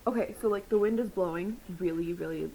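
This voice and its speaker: A young woman speaking casually to her camera at home, her voice rising and falling as she tells a heated story. She talks fast and loose, full of fillers, and swears freely when she gets worked up. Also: lowish voice, noisy background. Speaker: vlogger. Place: home, dog barking nearby.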